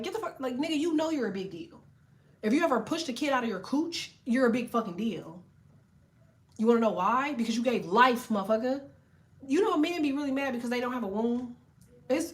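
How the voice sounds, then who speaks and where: A woman tarot reader talks straight to the camera in a casual rant. Her voice sits somewhat high, and she tells her story in a blunt, heavily profane, animated way.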